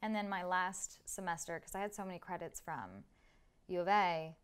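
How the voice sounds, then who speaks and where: A woman's voice: lowish voice, normal speed, clear, resonant tone. A woman in her twenties, a podcast guest, chatting casually with many "like"s and "um"s. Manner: chatty, lots of "like" and "um". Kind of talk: casual interview chat.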